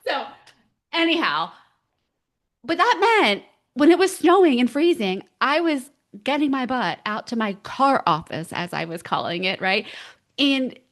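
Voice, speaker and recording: A middle-aged woman, a parent coach, telling stories on a podcast, lively, filler-heavy and laughing often. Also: high-pitched, unhurried. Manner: animated storytelling, laughs often, many fillers. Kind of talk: casual podcast conversation.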